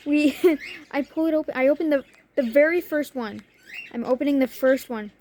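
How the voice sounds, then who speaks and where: Excitable high-voiced young woman vlogger. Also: measured pace, slight background noise. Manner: excitable, animated storyteller with gasps and laughter. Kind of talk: casual storytelling to camera.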